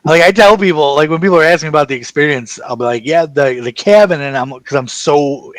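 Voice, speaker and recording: A man guest chatting in an interview, telling stories in an excited, rambling way and acting out the back-and-forth of conversations. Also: a little high, a little fast, no echo, rough recording. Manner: excited, rambling storyteller, acts out quoted exchanges. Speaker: actor guest. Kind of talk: casual interview chat.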